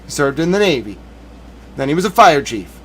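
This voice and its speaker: Male streamer, high voice, hammy mock-outrage rant, loud then muttered. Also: big pitch swings, fairly quick, husky. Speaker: livestream commentator.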